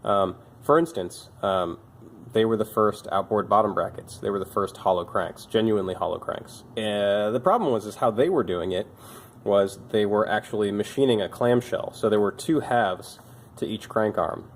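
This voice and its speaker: At normal speed and in a lowish voice, a young man who works at a bike shop and hosts videos chats about old bike parts. The show-and-tell is casual, his humor dry and self-mocking, his manner tired, with a little hiss or hum behind him.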